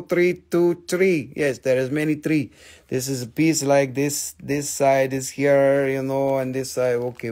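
A man putting on an Indian accent with broken English, playfully describing a rock. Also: on the high side. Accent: put-on Indian accent.

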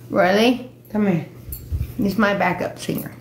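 A woman hosting a casual livestream, brash, loud and profane. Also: medium pitch, expressive, unhurried, roomy sound. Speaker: livestream host.

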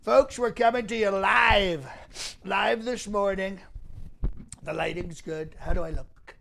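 Guy doing a boastful rambling president bit, high-ish gravelly voice, repeats everything. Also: slow, fairly bright tone, full character voice. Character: blustering boastful male president impression. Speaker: comedian doing an impression. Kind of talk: improvised comedy press conference. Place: mock press room set.

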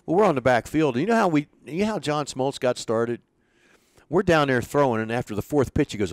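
An older man spins stories from his coaching years, slipping into the voices of the people he quotes. His pitch sits in the middle for a man, and the sound is dry and close with little room around it. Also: a little fast, no echo. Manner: animated storyteller, acts out quoted dialogue. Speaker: former pitching coach, interview guest. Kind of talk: storytelling in an interview.

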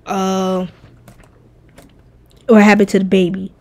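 A woman streamer chatting casually and bluntly while ranking game characters, animated and profane. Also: mid-range voice, slow pace, a little hiss or hum. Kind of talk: casual game tier-list chat.

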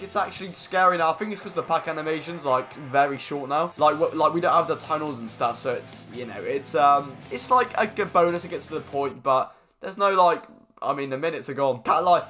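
A young man chatting through a video game pack opening, excitable and slangy, with bursts of shouting at big pulls. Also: on the high side, brisk, faint music behind. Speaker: gaming YouTuber. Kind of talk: casual pack-opening commentary.

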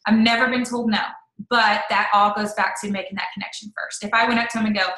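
A woman in her thirties, an interview guest telling a personal story in a chatty, animated way. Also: mid-range voice, fast talker. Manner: chatty, animated, full of "like" and quoted asides. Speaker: network marketing leader, interview guest. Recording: echoey room.

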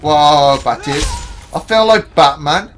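A man's voice: on the high side, slow, soft background music. A young man chatting while he plays a video game, rambling and hesitant but playful. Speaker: gaming channel co-host. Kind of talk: casual gameplay banter.

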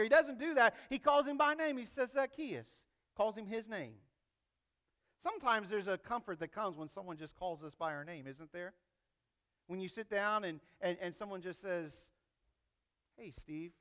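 Bright, high-voiced male preacher. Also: moderate pace. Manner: animated, acts out quoted voices. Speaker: pastor. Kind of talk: sermon.

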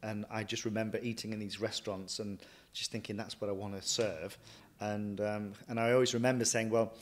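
Low-voiced man telling lively stories. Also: fairly quick. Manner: lively anecdotal, quotes himself often. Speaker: chef and restaurant owner. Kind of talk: casual interview storytelling.

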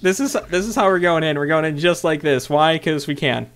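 A young man casually narrating his own game play to viewers, chatty and bursting into loud excited shouts. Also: on the high side, moderate pace. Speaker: gaming video host. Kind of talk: casual Minecraft let's play commentary.

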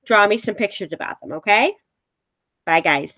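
A woman reading picture-book stories aloud to children like a teacher, slow, animated and expressive. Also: mid-range voice, no room sound.

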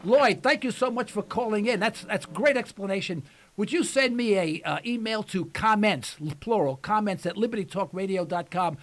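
A man hosts a call-in radio talk show, his voice pitched high for a man. He talks in a folksy, emphatic way and repeats phrases to drive them home. His voice is starting to wear out. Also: moderate pace, fairly bright tone.

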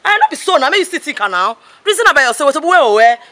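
Actress for a high, bright, scolding Nigerian mother, Pidgin accent. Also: big pitch swings, very fast, exaggerated voice. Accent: Nigerian Pidgin English. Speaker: actor. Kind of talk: Nollywood movie acting.

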